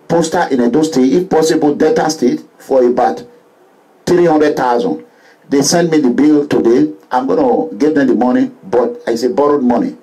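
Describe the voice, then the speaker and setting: A middle-aged man from Edo State with a Nigerian English and Pidgin accent, delivering an impassioned political monologue that swings between low pleading and loud declaiming, with chanted refrains. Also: poor audio. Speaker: political activist vlogger.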